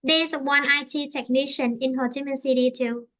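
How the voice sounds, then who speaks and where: A woman's voice: high voice, fairly even intonation, normal speed, a bit bright. A woman teaching English with a Vietnamese accent, talking in a hesitant way and searching for words with many fillers. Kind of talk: online English lesson conversation.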